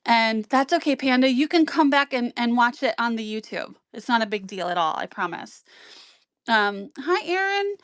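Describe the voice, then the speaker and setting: A woman's voice: on the high side, normal speed, no room sound, studio quality. A woman hosting a casual sewing tutorial on a live stream, chatty and rambling with many ums, greeting viewers by name. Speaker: sewing livestream host.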